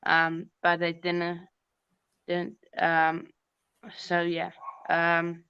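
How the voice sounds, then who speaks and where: A woman giving her take as a guest in a casual football review, hesitant with many pauses and restarts. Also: fairly low pitch, monotone, clear, resonant tone, dull audio. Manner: hesitant, many ums and restarts, occasional laughs. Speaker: co-host guest.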